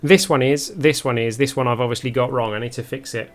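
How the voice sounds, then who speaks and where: A young man live-streams a space game, narrating his moves for viewers in a medium-pitched, fairly fast voice. He hesitates often, filling gaps with ums and restarting sentences as he chats with his audience.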